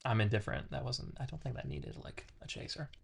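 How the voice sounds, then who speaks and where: A man's voice: medium pitch, fast, gravelly, slight background noise. Laid-back man reading dense philosophy aloud. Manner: laughs often, stumbles over hard words. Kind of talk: casual chat and reading aloud.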